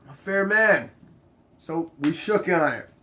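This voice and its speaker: A young man casually telling a bartending story, acting out each exchange with sudden jumps up in his voice. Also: measured pace. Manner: animated, acts out the dialogue, jumps high in pitch when quoting others.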